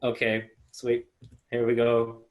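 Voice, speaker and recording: A man's voice: mid-range voice, completely flat delivery, slow. A man giving a casual webinar presentation over a video call, friendly and chatty with many fillers and restarts. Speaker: malt sales manager giving a webinar.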